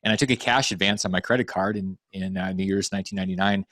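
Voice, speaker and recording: A man in his fifties from Montana, a podcast guest telling stories in a quick, wry and blunt way. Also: sits low, fairly even intonation, a bit bright, no room sound. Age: 50s. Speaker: guest author and financial mentor. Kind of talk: casual interview chat.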